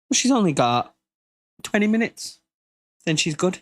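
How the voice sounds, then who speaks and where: A man from the United Kingdom hosting a casual live podcast, joking and laughing, now and then breaking into silly high-pitched quoted voices. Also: very animated, moderate pace, long pauses. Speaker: podcast host.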